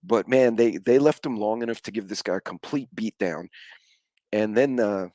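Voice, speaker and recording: A man's voice: fairly low pitch, normal speed, mellow, no room sound. A middle-aged man, hosting a casual live stream chat and telling rambling stories with offhand swearing.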